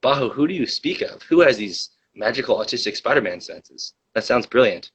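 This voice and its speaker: A man's voice: medium pitch, expressive, a little fast, fairly bright tone, husky, poor audio. A young man hosting a casual livestream, telling a rambling story full of fillers and reading the chat.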